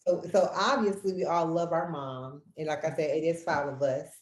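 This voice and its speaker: A woman hosting a podcast, chatting casually with her mother and telling animated stories. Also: sits low, normal speed, echoey room. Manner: animated storyteller who acts out quotes. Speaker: podcast host. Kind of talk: casual family chat.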